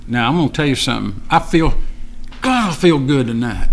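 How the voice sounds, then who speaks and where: A man's voice: medium pitch, very animated, fairly quick, vocal fry. A man hosting his own live stream in a rambling, casual way, reading viewer comments aloud and getting fired up. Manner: rambling, reads viewer chat aloud, talks to someone off-mic; gets fired up and ranting.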